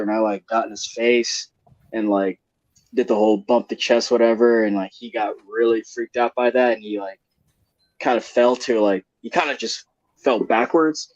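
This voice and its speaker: A man's voice: on the low side, fairly even intonation, a little fast, darkish tone, no room sound. Rambling young man telling a story. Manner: rambling, laughing, heavy slang and swearing. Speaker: panelist. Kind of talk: casual storytelling. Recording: dull lo-fi live stream audio.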